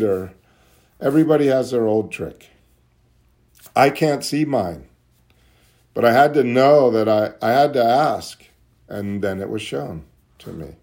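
At a recovery meeting, a man shares candidly in personal talk, questioning himself out loud. When he voices his inner thoughts, his voice drops soft and low.

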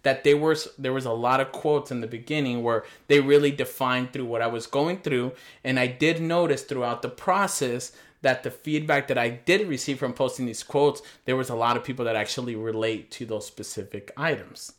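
A man's voice: medium pitch, normal speed, hardly any pauses. A man co-hosting a casual podcast, defending himself, laughing often and repeating words. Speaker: podcast co-host. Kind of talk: casual group banter.

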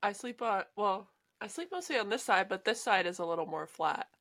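A woman co-hosting a podcast, relaxed and chatty, who laughs often while telling anecdotes. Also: medium pitch, brisk, no room sound. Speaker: podcast co-host. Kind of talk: casual chat and storytelling.

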